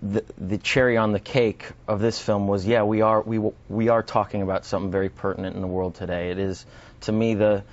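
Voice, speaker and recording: A male actor talks through his answers on a morning TV show in a low voice. He is thoughtful and often stumbles over the first words of a sentence. The broadcast sound is muffled. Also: little pitch movement, a little fast. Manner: thoughtful, repeats words when starting sentences. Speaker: actor guest. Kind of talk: broadcast interview.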